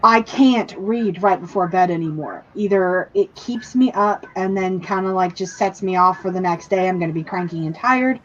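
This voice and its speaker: A woman's voice: fairly low pitch, normal speed, few pauses. A woman guest on a group call, talking things through at length with many fillers. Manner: thoughtful, rambling with "like" fillers. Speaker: guest in writing group stream. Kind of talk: casual chat. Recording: dull lo-fi call audio.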